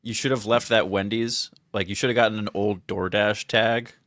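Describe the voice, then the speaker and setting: Joking lower-voiced male co-host. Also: steady tone, normal speed, fairly bright tone, no room sound. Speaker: talk show co-host. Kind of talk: casual live talk show chat.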